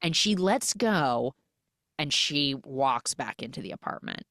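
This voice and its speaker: A woman's voice: very deep voice, measured pace, vocal fry, no room sound, studio quality. A woman hosting a casual movie recap podcast, retelling scenes with lots of "like" and acting out what characters say. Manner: animated retelling that acts out characters' lines; frequent filler "like". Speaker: podcast host.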